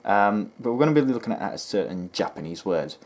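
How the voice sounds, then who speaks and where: A man with a deep, low voice talks straight to his viewers in a loose, rambling way. He sounds exasperated, with plenty of ums, false starts and restarts. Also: animated, fairly quick, darkish tone. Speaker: history video host. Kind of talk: casual rambling commentary to camera.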